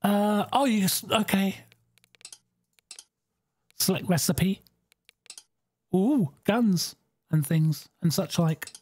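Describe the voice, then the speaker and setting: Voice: mid-range voice, slow pace, long pauses, a little mellow, breathy edge. A game streamer gives bemused live commentary, thinking aloud and exclaiming at what happens.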